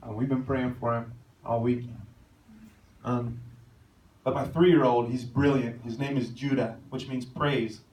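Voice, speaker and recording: A man's voice: mid-range voice, steady tone, a little slow, long pauses, far from the mic, a little hiss or hum. Preacher man telling a story in an echoey church. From American. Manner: storytelling, rising to shouted calls at peaks. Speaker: pastor. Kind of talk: sermon. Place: church sanctuary. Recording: echoey church hall, mic from afar.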